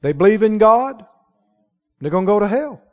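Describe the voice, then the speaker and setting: A man's voice: sits high, animated, moderate pace. A male pastor preaching a sermon with emphatic, rising declarations to a church congregation. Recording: dull sound with long hall reverb.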